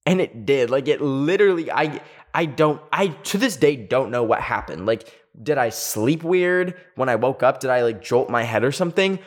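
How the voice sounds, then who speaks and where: Young man, storytime vlogger, chatty, lots of "like", medium pitch. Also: expressive, normal speed. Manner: chatty, fills speech with "like". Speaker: video creator. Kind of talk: storytime vlog.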